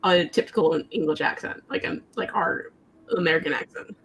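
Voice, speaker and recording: A woman's voice: lowish voice, moderate pace, fairly bright tone, slight background noise. A woman from Canada chatting casually on a video call, rambling and trailing off between thoughts. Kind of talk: casual group chat on a call.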